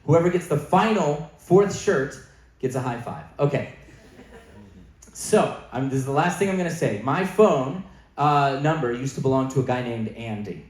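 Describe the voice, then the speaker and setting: A man's voice: medium pitch, lively intonation, normal speed, darkish tone. A man with a Canadian accent doing a stand-up comedy set, telling a long story and acting out text messages in different voices. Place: comedy venue with audience. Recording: echoey room.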